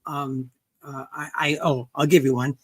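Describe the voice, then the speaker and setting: A woman's voice: sits low, little pitch movement, measured pace, slightly rough. An older woman guest in a casual interview, rambling with frequent restarts and "okay" checks. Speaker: guest researcher and author.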